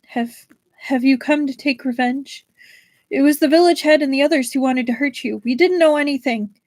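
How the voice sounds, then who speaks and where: A woman's voice: mid-range voice, flat delivery, fairly quick, a little mellow, no echo, close to an everyday voice. A woman reading aloud and voicing a frightened, pleading young village wife in a novel.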